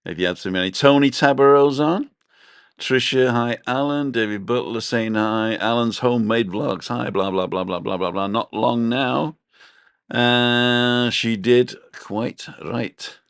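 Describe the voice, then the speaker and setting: A man's voice: medium pitch, unhurried, smooth, no echo, studio quality. A man co-hosting a casual live stream from his balcony, rambling chattily and reading out viewer comments. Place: home balcony.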